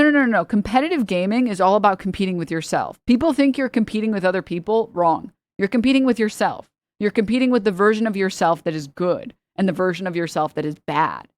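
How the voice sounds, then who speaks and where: A woman's voice: mid-range voice, no echo. A woman livestreamer chatting casually with her viewers, blunt and profane, with frequent laughs.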